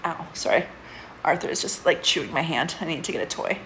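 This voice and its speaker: Her voice sits low yet sounds a bit bright, animated, and fairly quick, with a little hiss or hum in the recording. She is an adult woman getting older, hosting a laid-back live stream at home with a pet, swearing often and laughing between candid thoughts.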